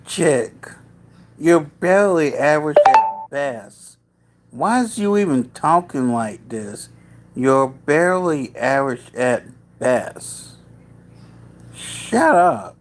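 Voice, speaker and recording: A woman putting on a very low voice, playing a scornful heckler who trades in slow, drawn-out put-downs, heard over a noisy recording. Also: animated.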